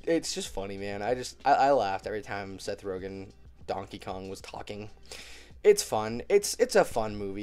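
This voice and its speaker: A man's voice: lowish voice, a little mellow. Chatty young man reviewing a movie. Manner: chatty, laughs easily, many fillers. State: getting over a cold. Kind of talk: casual movie review vlog.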